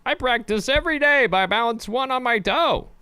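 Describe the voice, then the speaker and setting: A man's voice: extremely high pitch, normal speed, sharp tone, smooth, no room sound, pitched above the performer's own voice. A man putting on the voice of a proud male record-setter boasting about his odd skill. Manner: boastful, pleased with himself.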